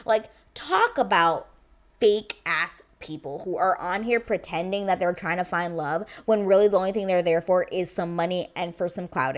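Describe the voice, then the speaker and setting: A woman giving a chatty, unscripted review of a reality show, full of fillers and restarts. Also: on the low side. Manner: animated, chatty, lots of fillers. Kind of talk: casual vlog review.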